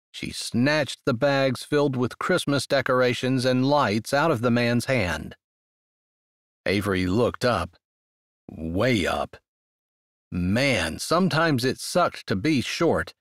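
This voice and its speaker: A man narrating a romance novel in an expressive, unhurried storytelling manner, close on the mic. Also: mid-range voice, no echo. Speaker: audiobook narrator. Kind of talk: scripted narration.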